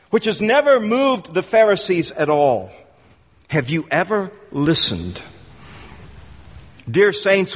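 A man preaching a sermon to his congregation, emphatic and repeating words for force. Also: on the high side. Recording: long hall reverb.

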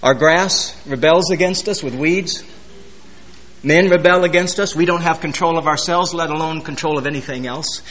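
A man preaching an expository sermon, emphatic, repeating key phrases and dropping low and quiet to stress a point. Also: normal speed, lo-fi sound. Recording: long reverb of a large hall.

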